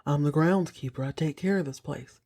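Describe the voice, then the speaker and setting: A woman voicing a creepy male groundskeeper who gives low, flat, clipped replies. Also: fairly quick. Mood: curt. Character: creepy gruff male groundskeeper, curt and ominous.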